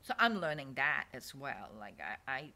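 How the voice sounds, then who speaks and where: An artist vlogger with an extremely low-pitched, very animated voice talks at normal speed over background noise. In a rambling, digressive monologue about her swap meet stall, she often trails off into near-whispers.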